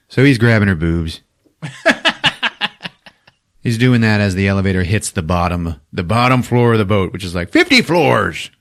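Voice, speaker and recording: A man hosting a podcast, retelling a movie plot in a loose, profane, animated way and laughing at his own jokes. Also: on the low side, a little slow, pauses often. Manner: profane, animated retelling with sudden character voices. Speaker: podcast host. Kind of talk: casual movie recap.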